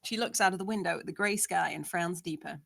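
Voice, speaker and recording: A woman's voice: fairly low pitch, fast talker, gravelly, fairly bright tone. A woman narrating, steadily reading out the scene descriptions of a screenplay.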